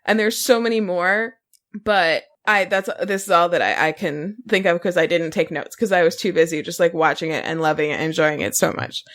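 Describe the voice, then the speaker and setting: A woman's voice: lowish voice, a little fast, a bit bright. A woman co-hosting a podcast, gushing and giggling as she chats casually. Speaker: podcast co-host. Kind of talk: casual chat.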